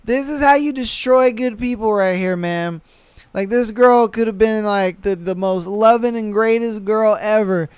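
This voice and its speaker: A man's voice: high-pitched, measured pace, clear, resonant tone, dry recording. A young man hosting a podcast, ranting in a casual, exasperated and profane way. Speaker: podcast host. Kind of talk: casual reaction rant.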